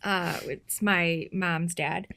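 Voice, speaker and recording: A woman's voice: on the low side, steady tone, drawn-out words, pushed and bright. A young woman guesting on a casual podcast, telling a story and laughing as she trails off. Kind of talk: casual chat.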